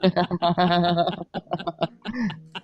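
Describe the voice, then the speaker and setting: A woman co-hosting a casual podcast, excitable and quick to tease and joke. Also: fairly low pitch, lo-fi sound. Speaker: podcast co-host. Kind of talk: casual chat.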